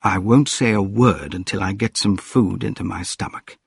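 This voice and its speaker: A man doing a weary, hushed gentleman inventor. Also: low voice, normal speed, gravelly, husky, no echo, clean studio sound, heavily acted. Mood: tired, hushed. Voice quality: quiet, worn-out and hushed.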